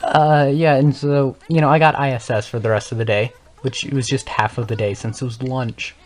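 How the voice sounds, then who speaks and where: A young teen boy who hosts a gaming channel tells a rambling, casual story with a mid-range voice, fairly even intonation, and a moderate pace, often correcting himself and laughing along.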